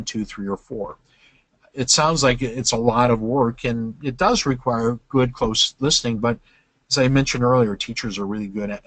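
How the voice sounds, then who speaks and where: A man's voice: mid-range voice, a bit bright, no echo, low-quality recording. An older man presenting a webinar to teachers, explaining step by step with many fillers and restarts.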